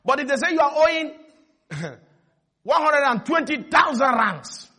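A man preaching a sermon in an animated way, acting out little scenes and leading the congregation in call and response. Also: very high-pitched, unhurried.

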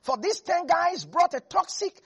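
A preacher delivering an animated, humorous sermon to a congregation. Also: very high voice, a little slow. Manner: animated, jokes and laughs with the congregation.

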